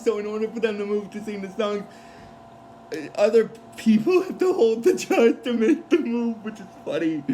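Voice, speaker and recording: A man with a high voice recaps a cartoon episode in a loose, casual way. He rambles, restarts sentences and leans on fillers. A faint hiss sits under the recording. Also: dark tone, rough recording. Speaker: show recap vlogger.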